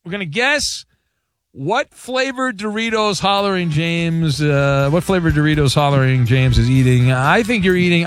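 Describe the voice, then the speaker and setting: A man hosting a sports call-in radio show, wisecracking and playful with callers and co-hosts, quick to mock outrage. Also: a little high, lively intonation, soft background music. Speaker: sports talk radio host. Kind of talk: call-in talk radio banter. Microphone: studio broadcast mic.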